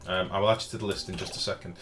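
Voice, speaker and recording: A man's voice: deep voice, fairly even intonation, rapid-fire, a bit bright. A man chatting casually as he streams a game, answering viewers and swearing now and then. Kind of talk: casual live-stream commentary. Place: home room with the window open. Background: faint outdoor street noise.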